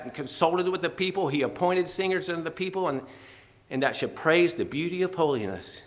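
A man preaching a fervent, emotional sermon, at times teary and laughing softly. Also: a little high.

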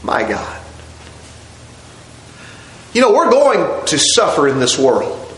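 A man's voice: high-pitched, big pitch swings, moderate pace, roomy sound, low-quality recording. A man preaching a sermon, telling the story dramatically and acting out the scenes.

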